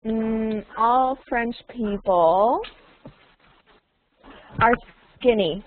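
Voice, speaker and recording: A woman teaching English online, speaking slowly and deliberately and repeating key words so learners can follow. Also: fairly high pitch. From United States. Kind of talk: online language lesson. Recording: tinny phone-like online call audio.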